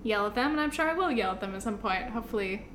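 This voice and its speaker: A woman co-hosting a casual couple's podcast who laughs often and swears casually; her voice turns shrill when she stresses a point. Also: expressive, fast, crowd noise. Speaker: podcast co-host. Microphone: studio microphone.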